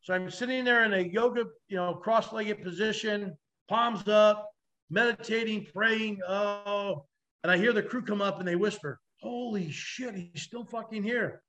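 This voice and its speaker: A man guesting on a podcast, telling animated stories with vivid, salty language and acting out the voices of others. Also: high-pitched, moderate pace. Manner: vivid, acts out quoted voices, swears freely. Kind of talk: animated storytelling.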